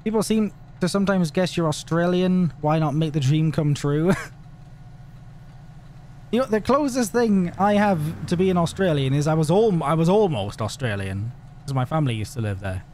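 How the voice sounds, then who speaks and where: Lively, chatty male streamer. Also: on the high side, normal speed, slight background noise. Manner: chatty and joking, laughs often. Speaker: livestreamer. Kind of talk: casual chat with live viewers.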